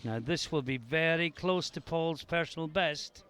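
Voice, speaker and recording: A man giving calm, measured live commentary on a powerlifting competition. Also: fairly high pitch, a little hiss or hum.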